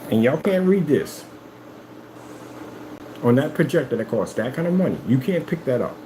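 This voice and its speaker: A man of middle pitch who talks up his own products in a casual live stream. His voice swings widely as he acts out conversations and brags. Faint background noise sits under the recording. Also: moderate pace. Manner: animated, boastful, retells conversations in high-pitched quoted voices. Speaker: company owner hosting a live stream.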